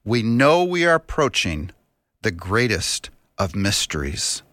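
A man doing an impression of a famous astronomer, reciting in a slow, solemn, reverent way in a radio studio. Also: lowish voice, sing-song, fairly bright tone, no echo. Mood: awed. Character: impression of a famous male astronomer, awed and hushed.

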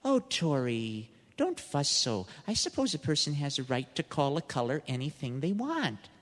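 A man's voice: fairly high pitch, big pitch swings, moderate pace, big-room sound. A man doing a breezy, unbothered lady shopkeeper. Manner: soothing, airy, unbothered. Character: breezy, dismissive woman shopkeeper.

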